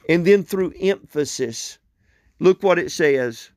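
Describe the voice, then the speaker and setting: Man, preacher, high voice, dry close sound, earnest pleading tone, repeats phrases. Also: a little slow, a little mellow, dry recording. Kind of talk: expository sermon.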